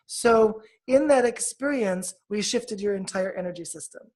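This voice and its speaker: A woman healer guest who leads a guided meditation and explains energy work in a soft, measured, coaching tone. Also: medium pitch.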